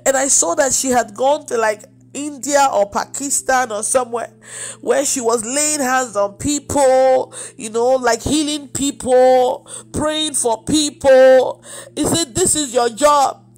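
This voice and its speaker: A woman's voice: sits high, measured pace, a little mellow, faint music behind. A woman preacher giving an emotional testimony, acting out the dialogue as she tells it. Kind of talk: testimony sermon.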